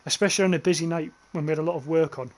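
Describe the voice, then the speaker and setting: A man's voice: fairly high pitch, fairly even intonation, very fast. A young man with a Northern English accent, chatting casually and swearing while livestreaming a game and reading chat aloud. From northern England. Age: young adult.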